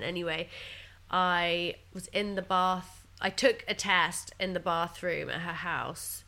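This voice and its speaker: A young woman speaking openly in a relaxed chat, full of fillers like "like" and "you know". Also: on the low side, normal speed, slight background noise. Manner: chatty and open, many fillers like "like" and "you know". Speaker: guest. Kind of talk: candid casual chat.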